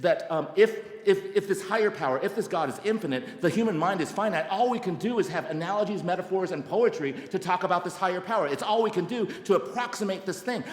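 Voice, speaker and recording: A man in his sixties from Alabama, telling his own recovery story at a meeting in an animated, self-mocking way, with many restarts and acted-out quotes. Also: sits high. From Alabama, United States. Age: 60s. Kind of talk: personal testimony talk. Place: large meeting hall. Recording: echoey hall reverb.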